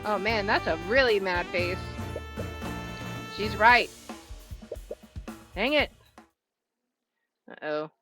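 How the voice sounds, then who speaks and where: A woman's voice: mid-range voice, expressive, slow, long pauses, pushed and bright. A woman streaming a visual novel, reading it aloud expressively and reacting between lines. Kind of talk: reading a game story aloud. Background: background music.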